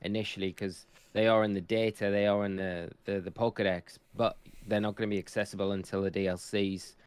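A man co-hosts a podcast in easy, casual chat, agreeing eagerly and building on ideas. His slightly low voice is smooth, recorded dry and close. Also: flat delivery, no echo. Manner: eager and agreeable, quick to say yes. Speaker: podcast co-host.

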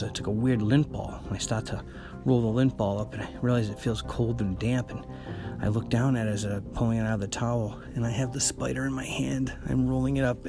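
A man's voice: fairly low pitch, creaky. A man hosting a podcast, telling rambling, profane stories in a casual way. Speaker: podcast host. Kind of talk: casual storytelling.

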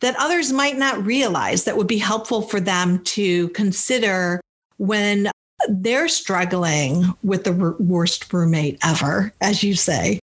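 A woman's voice: mid-range voice, slow pace. Affirming woman interviewer. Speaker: host.

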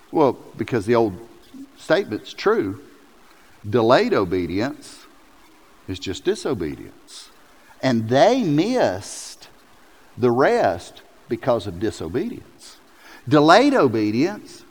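Animated pastor in a reverberant hall. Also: male voice, medium pitch. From South Carolina. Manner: animated storytelling, jumps into loud acted quotes. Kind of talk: sermon.

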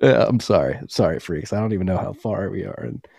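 Man, podcast co-host, rowdy, curses a lot, low mellow voice, dry sound. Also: expressive, fast talker, gravelly, slightly rough, no echo. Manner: rowdy, swears a lot, laughs often. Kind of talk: casual profane banter.

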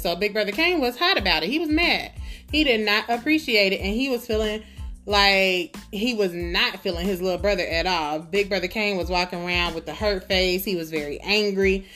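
A woman teaching a Bible lesson in a lively, conversational and humorous way. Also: medium pitch, moderate pace, faint music behind. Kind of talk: casual Bible lesson retelling.

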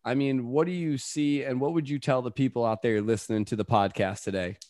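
Animated male podcast host. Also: mid-range voice, fairly quick, no room sound. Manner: animated, laughs often, acts out movie quotes. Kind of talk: casual podcast chat.

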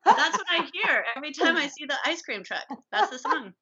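A woman's voice: high voice, big pitch swings, a little fast, creaky, bright, forceful tone. A woman co-hosting a podcast in casual chat, wisecracking, playful and swearing freely. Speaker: podcast co-host. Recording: dull lo-fi sound.

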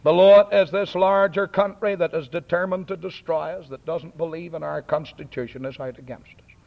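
Thundering Ulster preacher with a gravelly voice. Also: male voice, a little high, fairly even intonation, a little fast. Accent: Ulster Scots. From Northern Ireland. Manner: thundering, rolls his R's. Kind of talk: fiery sermon. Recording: dull lo-fi archive recording.

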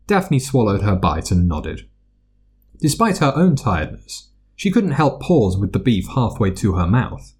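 Husky, lively male story narrator. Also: lowish voice, unhurried. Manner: expressive, does character voices. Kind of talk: fan fiction reading.

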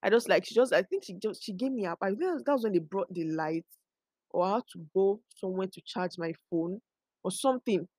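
A young woman, hosting a podcast and chatting casually, animated and laughing as she acts out quotes. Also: medium pitch, fairly quick, no room sound, studio quality. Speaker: podcast host. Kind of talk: casual storytelling chat.

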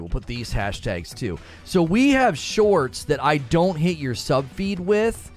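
Excitable chatty man with a lively voice. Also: medium pitch, slow, faint music behind. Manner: excitable, rambling, repeats himself. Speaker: livestream host. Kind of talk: casual livestream chat.

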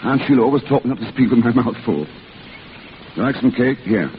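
A man's voice: mid-range voice, lively intonation, a little hiss or hum, natural voice. An actor as a joking, lovesick young man. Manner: playful clowning, then halting, earnest confession. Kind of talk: 1940s film acting. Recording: tinny old film soundtrack with music.

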